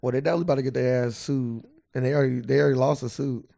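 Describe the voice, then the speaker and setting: A man's voice: mid-range voice, fairly even intonation, rapid-fire, gravelly, warm tone. A man co-hosting a podcast, talking in a loose, rambling way with lots of "like". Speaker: podcast co-host. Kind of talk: casual chat.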